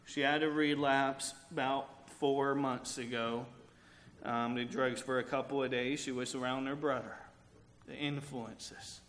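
A man's voice: mid-range voice, fairly even intonation, unhurried, a bit bright, a little hiss or hum. A man preaching a sermon, earnest and candid, mixing scripture with personal family stories. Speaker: pastor. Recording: echoey room with faint ambience.

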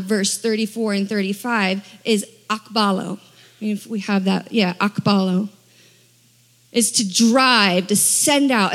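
A woman preaching a sermon in a conversational, animated way, acting out the people she quotes. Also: a little high. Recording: long hall reverb.

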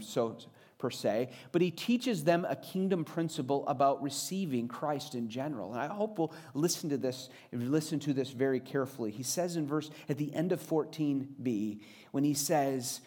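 A man delivers a sermon in an earnest, teaching manner. His voice sits a touch higher than typical for a man, and he slows down and speeds up to stress his points. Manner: earnest, varies pitch and pace for emphasis. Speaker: pastor.

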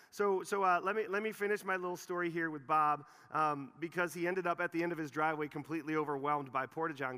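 A man preaching a sermon, telling a story with animated, repetitive phrasing in a church hall. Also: a little high, clear, resonant tone. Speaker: pastor.

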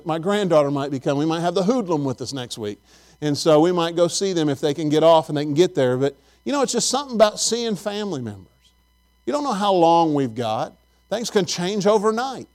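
A middle-aged man, preaching a sermon in a folksy, chatty storytelling way and talking directly to his congregation. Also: sits high. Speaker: pastor.

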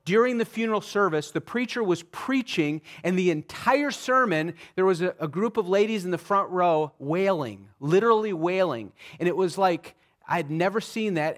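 A man preaching a sermon, speaking earnestly and conversationally, slowing and dropping his voice to stress scripture. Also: high-pitched, a bit bright. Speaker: pastor.

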